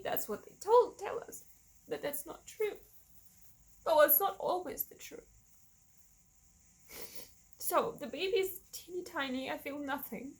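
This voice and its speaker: A woman's voice: sits high, low-quality recording. A woman frankly telling a personal story on her vlog, emotional and open, often restarting her sentences and acting out what others said to her. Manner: emotional and frank, with many restarts and self-corrections; acts out other people in quoted asides. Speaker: vlogger sharing a personal story.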